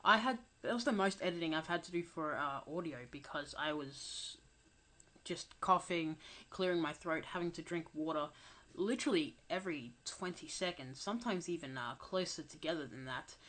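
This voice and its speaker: Low-voiced young woman, mumbling. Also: normal speed, fairly bright tone. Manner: mumbling, hesitant. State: recovering from illness. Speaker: channel host. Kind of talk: casual audio commentary. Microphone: home desk microphone.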